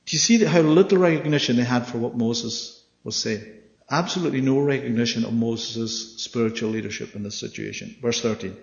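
A man preaching a Bible study sermon, animated and often checking with his listeners through questions. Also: mid-range voice, a little fast, vocal fry. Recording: echoey hall, dull sound.

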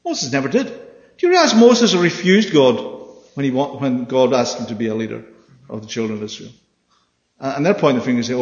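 A man preaching a Bible study sermon, animated and often checking with his listeners through questions. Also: mid-range voice, fairly quick. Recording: echoey hall, dull sound.

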